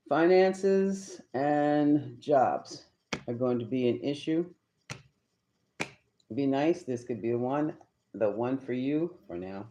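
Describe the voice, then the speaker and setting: A man's voice: medium pitch, background noise. A man doing a live tarot reading, chatty and emphatic, talking straight to his viewers. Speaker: tarot reader.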